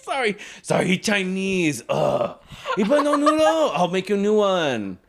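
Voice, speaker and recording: A man's voice: extremely high pitch, rapid-fire, voice pushed up. A man voicing a flustered, apologetic female restaurant worker on the phone, who talks in clipped, broken, sing-song phrases.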